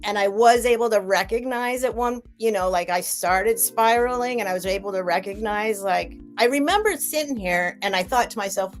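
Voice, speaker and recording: A woman's voice: mid-range voice, normal speed, few pauses, faint music behind. Rambling middle-aged woman chatting to viewers. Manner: rambling, candid, answering chat by name. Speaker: live-stream seller. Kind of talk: casual chat with live chat viewers.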